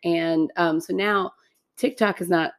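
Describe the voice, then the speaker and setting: A woman with a low, gravelly voice co-hosts a relaxed conversation. She tells her story in an animated, self-mocking way and often breaks into laughter. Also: unhurried. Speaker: podcast co-host. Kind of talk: casual chat, storytelling.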